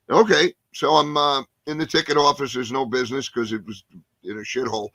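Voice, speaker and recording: A man's voice: medium pitch, fairly even intonation, fairly quick, gravelly, fairly bright tone, no echo. A man in his sixties from New Jersey, a comedian guest telling a rambling story full of fillers and acted-out quotes. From New Jersey, USA. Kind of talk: storytelling in a podcast interview.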